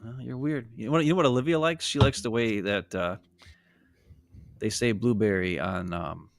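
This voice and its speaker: A man co-hosting a casual sports chat, rambling and animated, breaking into goofy voices now and then. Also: fairly low pitch, moderate pace, gravelly, no echo, clean studio sound. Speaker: podcast co-host. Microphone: home streaming setup.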